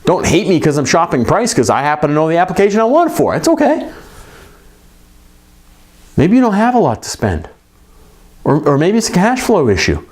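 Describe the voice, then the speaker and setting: Middle-aged male coach, lively and emphatic, slightly higher voice, talks straight to shop staff. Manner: animated, emphatic, conversational with quick asides. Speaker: business coach for repair shops. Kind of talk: coaching talk to shop owners.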